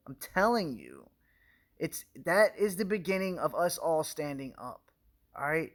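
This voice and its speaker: A man with a high-pitched voice pleads straight into the camera with his viewers. He rants with urgency, repeats himself, and restarts his sentences as he pushes his point. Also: big pitch swings, a little slow. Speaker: video blogger addressing viewers. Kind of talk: impassioned direct-to-camera rant.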